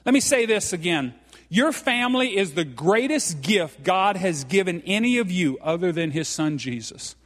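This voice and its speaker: A man's voice: high voice, lively intonation, normal speed, a bit bright. A middle-aged man preaching a folksy sermon, often checking in with "okay?" and calling the congregation "guys". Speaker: pastor. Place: church sanctuary. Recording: long hall reverb.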